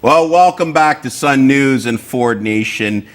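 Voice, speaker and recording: A man hosting a political talk show. He speaks in a halting way, with plenty of fillers and restarts and a voice of middling pitch. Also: animated, heavy background noise. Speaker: show host.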